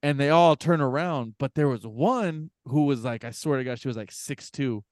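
A man's voice: medium pitch, normal speed, no room sound, clean studio sound. A man hosting a podcast in casual chat, telling a story loosely and laughing often between words. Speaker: podcast host.

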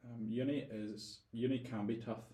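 Telling stories as a casual interview guest, this Northern Irish man has a warm, medium-pitched voice with fairly even intonation at normal speed, heard in an echoey room. He's reflective and often repeats words while he sorts his thoughts.

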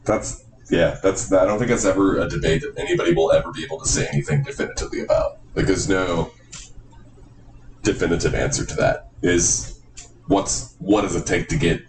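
A man co-hosting a podcast in casual chat, rambling, animated and swearing freely. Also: deep voice, fairly quick. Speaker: podcast co-host. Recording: echoey room, far from mic, noisy.

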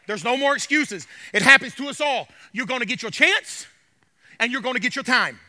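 A male pastor preaching a sermon to his congregation, swinging from quiet asides to hollering and calling out to the crowd. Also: very high voice, animated, normal speed, in a large hall. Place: church sanctuary.

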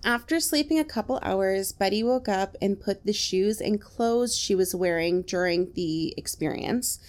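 Woman podcast host, chatty storytelling, lots of "like"s, mid pitch. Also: unhurried. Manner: chatty, retells events with many fillers like "like". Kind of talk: casual storytelling chat.

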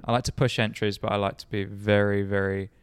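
A man's voice: fairly low pitch, level tone, fairly quick, clear, resonant tone. A young man and racing driver co-hosting a podcast in casual, joking banter. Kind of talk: casual chat.

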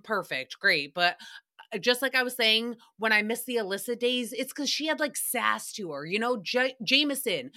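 A woman's voice: fairly high pitch, pushed and bright. A woman hosting a podcast, chatting casually and jumping between tangents, with frequent swearing. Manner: chatty, tangent-prone, profane. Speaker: podcast host. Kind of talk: casual recap chat.

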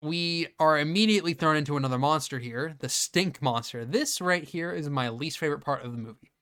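Profane, animated male podcast host. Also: a little high, fairly quick, clean tone. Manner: profane, animated retelling with quoted bits. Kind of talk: casual movie review chat.

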